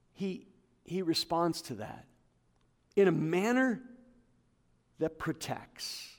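A man preaching a sermon to his congregation, building to emphatic peaks and dropping to quiet asides. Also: very animated, slow, long pauses. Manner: passionate, rising to emphatic peaks then dropping low. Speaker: pastor. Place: church hall with congregation. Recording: long hall reverb.

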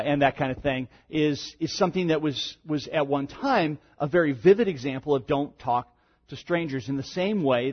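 A man preaches a sermon in a husky, somewhat high voice, mixing scripture reading with casual asides full of fillers. He swells loud on the words he wants to stress. The recording sounds dull and lo-fi. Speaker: pastor.

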